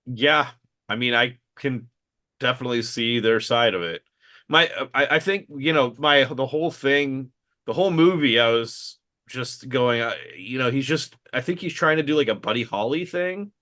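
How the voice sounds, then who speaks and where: A man's voice: medium pitch, expressive, normal speed, bright, forceful tone. Man, late 30s, podcast co-host: hesitant, filler-heavy, dry-humored delivery. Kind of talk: casual chat.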